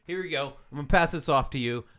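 A man's voice: a little high, fast, fairly bright tone. A man co-hosting a podcast in casual chat, easygoing and fond of crude jokes. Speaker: podcast co-host.

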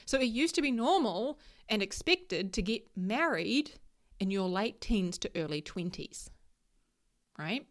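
A woman's voice: medium pitch, very animated, a little slow. A woman in her thirties giving a motivational talk about solo travel, emphatic and coaching, often checking in with "right?".

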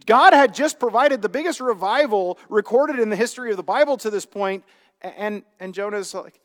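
A man's voice: high voice, animated, brisk. A male pastor preaching a sermon in a conversational way, asking the congregation rhetorical questions. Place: church sanctuary. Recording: long hall reverb.

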